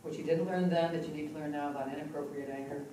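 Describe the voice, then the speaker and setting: In a big conference hall, a woman gives an expressive, conversational live demonstration teaching hypnotherapy. Her voice is low-pitched and quick. The recording comes from a distance, with echo and noise from the hall.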